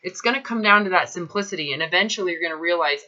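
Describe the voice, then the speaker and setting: A woman coaching a client in a blunt, emphatic way, swearing casually as she presses her points. Her voice sits a little low but sounds bright and forceful. The recording is dull and lo-fi. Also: racing, hardly any pauses. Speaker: health coach. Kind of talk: coaching session.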